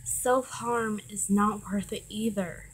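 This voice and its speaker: Teen girl talking slow into her webcam, earnest and emotional, cusses when riled up. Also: medium pitch, fairly even intonation, slightly rough, rough recording. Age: teens. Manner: heartfelt, emotional, swears when worked up. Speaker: vlogger. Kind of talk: earnest direct-to-camera pep talk.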